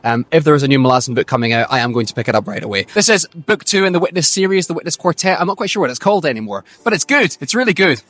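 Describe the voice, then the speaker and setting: A young man hosting a book channel, chatting eagerly about his reading plans outdoors, loud into the mic with tinny audio. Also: on the high side, sing-song. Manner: chatty, enthusiastic, quick-talking. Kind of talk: casual book talk to camera.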